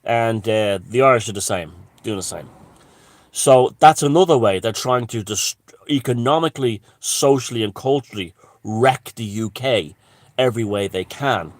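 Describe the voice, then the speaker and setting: A man's voice: mid-range voice, normal speed, dry recording. A man giving a heated, rambling political monologue, swearing and restarting his sentences. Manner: heated, profane, full of restarts and asides. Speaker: commentator.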